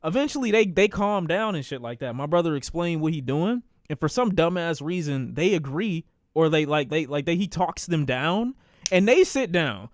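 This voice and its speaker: A man is streaming a relaxed storytime, telling it in an animated, foul-mouthed way and doing the voices of the people in his tale. His voice sits a little high, his speed is normal, and the recording is dry.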